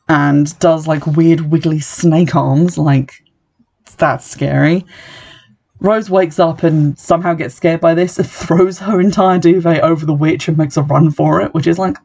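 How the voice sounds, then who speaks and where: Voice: medium pitch, measured pace, gravelly, darkish tone. A speaker giving a casual, sardonic recap of a film, full of "like" and dry asides. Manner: chatty and sardonic, heavy use of "like". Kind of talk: casual spoken movie recap.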